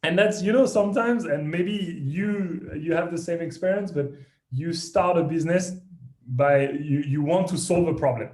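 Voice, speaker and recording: French-accented man, animated, echoey room. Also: on the high side, moderate pace. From France. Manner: animated, self-deprecating, frequent restarts. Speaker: guest, company founder. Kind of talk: podcast interview.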